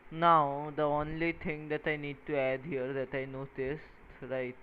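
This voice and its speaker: A tired man talking casually while he codes and wires a small electronics project, halting and counting pins out loud. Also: a little high, little pitch movement. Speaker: maker coding a microcontroller project. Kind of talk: casual talk-through while working. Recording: tinny phone-like sound with faint noise.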